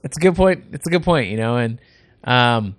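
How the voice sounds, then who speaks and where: Lively man telling stories on a podcast. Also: mid-range voice, normal speed, dry recording, studio quality. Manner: animated, acts out quoted people, laughs often. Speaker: radio host and race organizer. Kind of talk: casual podcast storytelling. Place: indoor podcast studio.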